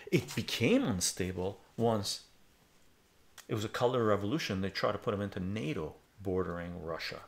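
A man's voice: lowish voice, expressive, normal speed, gravelly. A man giving a blunt, profane, heated rant in a casual live stream, talking to his chat.

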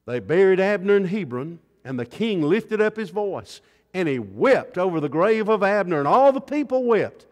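A man preaching a revival sermon, swinging dramatically between hushed tones and loud cries. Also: sits high, sing-song, normal speed. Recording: long reverb in a large hall.

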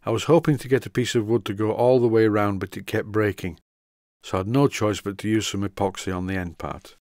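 An older man narrating a model workshop tutorial in a dry, deadpan manner. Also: fairly low pitch, fairly quick, dry recording. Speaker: model engineering video host.

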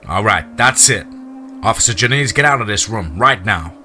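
A man's voice: fairly low pitch, moderate pace, bright, forceful tone, slight background noise. A man voicing a firm, authoritative small-town male police chief. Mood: stern.

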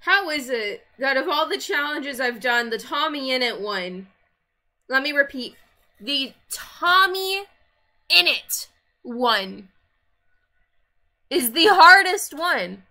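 Woman gamer doing let's-play commentary; high, bright voice, unhurried, chatty self-talk that jumps between grumbling and jumpy alarm. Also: animated. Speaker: gaming video creator.

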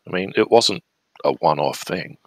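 A man's voice: low-pitched, lively intonation, normal speed, dry recording. A man hosting a livestream, telling anecdotes in a dry, wry way. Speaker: livestream host painting miniatures. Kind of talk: casual chat.

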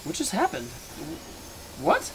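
A man playing a horror game and talking through it, swearing, rambling in confusion and yelling when startled. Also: very high-pitched, wildly swooping pitch, measured pace, slight background noise. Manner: jumpy, swears a lot, yells when startled. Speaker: let's play gamer.

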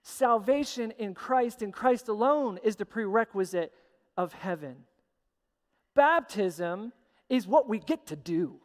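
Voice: mid-range voice, lively intonation, slow pace. Pastor giving a sermon, mid voice, keeps repeating words for emphasis, long church echo. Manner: emphatic preaching with repeated phrases. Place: church sanctuary. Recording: long church hall reverb.

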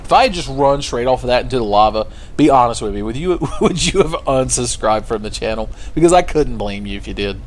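A man's voice: mid-range voice, lively intonation, fairly quick, few pauses, a little hiss or hum. A man hosting a let's play, giving crude, playful gameplay commentary full of swearing and jokes. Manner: crude joking, profane, playful.

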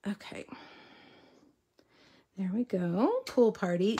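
A woman's voice: medium pitch, animated, unhurried, vocal fry, a little hiss or hum. A woman giving a casual live card-stamping tutorial from her home craft room. She is chatty and easily distracted, breaking off to talk to her viewers and her dogs. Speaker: stamping and card-making demonstrator.

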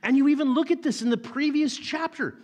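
A male pastor preaching a sermon with a fairly high-pitched voice. He tells the story vividly and slips into the characters' voices as he goes. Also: fairly quick. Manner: animated storytelling, acts out characters.

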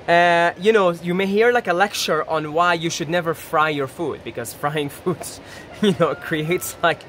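A man's voice: high voice, a little hiss or hum. A man giving a casual, rambling motivational talk to camera, acting out quoted voices. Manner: animated, rambling, acts out little quoted voices, laughs often. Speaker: self-help YouTuber.

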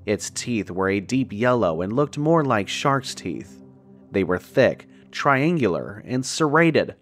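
A podcast narrator with a mid-range, fairly bright voice reads a first-person horror story aloud. His delivery is measured and dramatic, slowing down whenever the grim details arrive.

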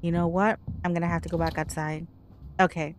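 A woman's voice: fairly low pitch, flat delivery, a little fast, background noise. Female gamer, live horror playthrough commentary, talks to herself, panicky pleading, drops to whispers. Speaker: game streamer. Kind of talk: let's play commentary.

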